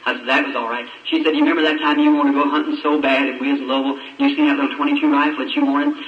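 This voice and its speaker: A man's voice: on the high side, expressive, rapid-fire. A man preaching a sermon, telling a story in a folksy, emotional way and acting out the voices in the dialogue. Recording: roomy, distant, dull old recording with faint hiss.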